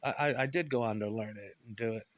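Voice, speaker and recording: Middle-aged guy ranting about his past, lots of swearing, lowish voice, dry close sound. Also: fast talker, a bit bright, dry recording. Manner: profane, bitter, puts on voices for quoted people. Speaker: guitarist. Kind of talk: rambling monologue.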